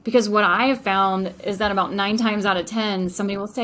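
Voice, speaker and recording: Woman guest on a business podcast, mid-pitched, eager and animated in tone, lots of "you know". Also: fast talker, few pauses. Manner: enthusiastic, frequent fillers. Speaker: entrepreneur guest. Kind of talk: podcast interview.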